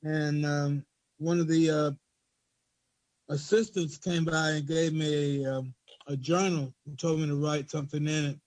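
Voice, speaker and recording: A man with a voice on the high side, level and darkish, speaks unhurriedly in a dry, low-quality recording. He hesitantly explains why he wrote a poem, then recites his own work aloud in a rhythmic spoken-word style.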